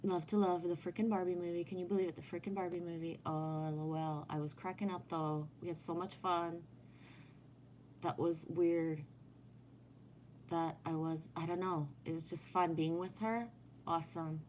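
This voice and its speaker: A woman's voice: lowish voice, flat delivery, normal speed, darkish tone, slight background noise. Rambling, foul-mouthed middle-aged woman livestreamer. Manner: chatty, swears freely, trails off mid-thought. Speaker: livestreamer reading chat. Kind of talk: casual rambling chat.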